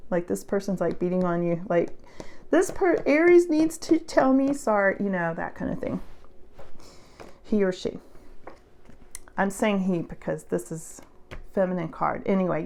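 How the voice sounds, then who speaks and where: A woman giving a casual tarot reading to her viewers, chatty and reassuring, laughing often and getting animated when stirred up. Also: mid-range voice, gravelly. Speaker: tarot reader.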